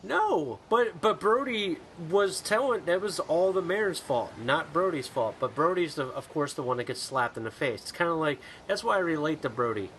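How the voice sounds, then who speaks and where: A man co-hosting a podcast in casual chat, telling animated, profane stories and acting out other voices. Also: a little high, moderate pace, hardly any pauses, slight background noise. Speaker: podcast co-host. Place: home.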